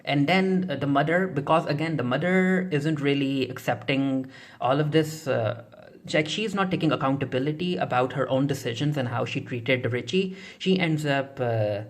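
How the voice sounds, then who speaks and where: Chatty TV recap reviewer, mid-pitched voice. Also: moderate pace. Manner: chatty, frequent fillers and restarts, retells scenes through quoted dialogue. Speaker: TV show reviewer. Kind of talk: casual spoken episode recap.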